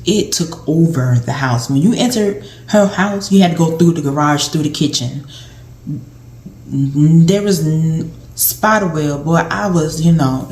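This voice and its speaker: A woman with a low, mellow voice tells a casual, rambling story full of fillers as she gives caregiving tips. The recording carries a roomy echo. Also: unhurried, a little hiss or hum. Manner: rambling and conversational, with many fillers. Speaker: vlogger and former home health aide.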